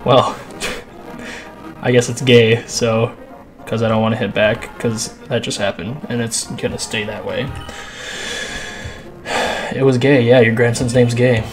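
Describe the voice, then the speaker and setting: A winded man talks over a game he is playing, cursing freely and letting out long sighs. His voice sits at an ordinary middle pitch. Clear game music runs underneath him. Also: steady tone, a little slow, pauses often. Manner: profane, crass, sighing often. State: out of breath. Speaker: gaming channel host. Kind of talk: let's play commentary.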